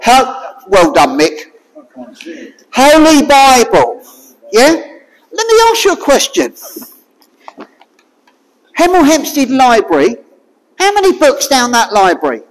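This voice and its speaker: A preacher delivers a sermon slowly and deliberately, pitch swinging widely as questions are put to the congregation. The voice rings out with a long reverb, as in a church hall. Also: wildly swooping pitch. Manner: slow, questioning, draws listeners in with repeated rhetorical questions.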